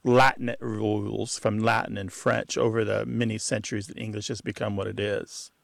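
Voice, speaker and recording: A man's voice: fairly low pitch, little pitch movement, normal speed, creaky, no echo, studio quality. A man co-hosting a call-in radio show, explaining language change to a caller with many examples.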